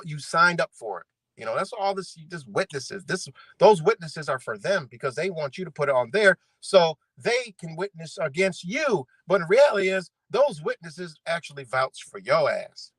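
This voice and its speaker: A man's voice: on the high side, no room sound, low-quality recording. Profane ranting man, dry close sound. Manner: profane, animated, frequent rhetorical "right?". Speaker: commentary streamer. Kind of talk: ranting commentary.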